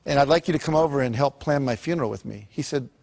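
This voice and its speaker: An older man giving a motivational talk and telling lively stories, acting out the people in them. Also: mid-range voice, quick pace, vocal fry. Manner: lively storyteller who acts out quoted characters. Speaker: motivational speaker.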